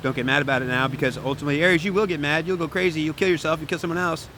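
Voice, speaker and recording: A man giving a casual spoken tarot reading, animated and preachy, talking straight to the listener. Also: a little high, rapid-fire, a little hiss or hum. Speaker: tarot reader.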